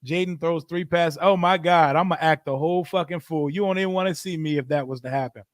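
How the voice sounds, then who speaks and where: A man with a voice on the high side talks briskly while hosting a live football watch stream. He reads chat aloud and calls plays in a loose, profane, joking way, as casual live reaction and play-by-play. The sound is studio quality with no echo.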